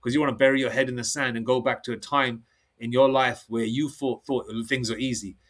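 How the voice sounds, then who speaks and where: Man, solo preacher; rambles, restarts, reads scripture slowly, flares up hot. Mid-pitched. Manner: excitable, heated outbursts. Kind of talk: solo religious monologue.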